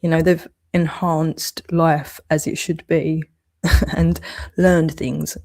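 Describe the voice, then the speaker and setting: A woman's voice: low voice, little pitch movement, slow, darkish tone. A woman delivering an angry, heavily sworn monologue rant, accusing and scolding. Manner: heavy swearing, accusatory, rising anger.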